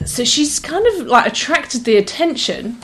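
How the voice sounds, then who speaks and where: A woman with a New Zealand accent, a bookshop guest in a radio studio, telling stories about books in a chatty, animated way with easy laughter. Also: high-pitched, unhurried. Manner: chatty, animated storyteller who laughs easily. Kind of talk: casual radio chat.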